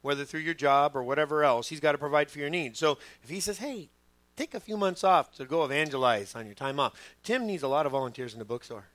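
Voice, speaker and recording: A middle-aged man preaching a sermon as pastor, telling stories with lively quoted voices. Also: fairly high pitch, quick pace, few pauses, no room sound. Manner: animated storytelling, acting out quoted voices.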